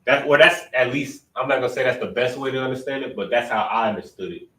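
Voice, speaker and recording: A man's voice: mid-range voice, quick pace, fairly bright tone. A man teaching an informal class, patiently explaining step by step and thinking aloud. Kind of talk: informal Hebrew grammar class. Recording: roomy, distant mic.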